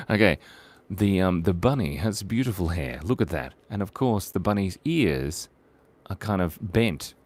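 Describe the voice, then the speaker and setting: A man's voice: low-pitched, lively intonation, slow, long pauses, darkish tone. A middle-aged man hosting a casual live drawing stream, chatty and playful as he reads out viewer suggestions.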